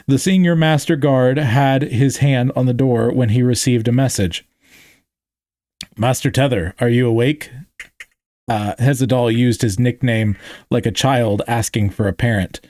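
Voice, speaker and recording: A man's voice: medium pitch, dark tone, dry recording, clean studio sound. Man reading his own novel. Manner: plain reading with frequent restarts. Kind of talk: reading his fiction aloud.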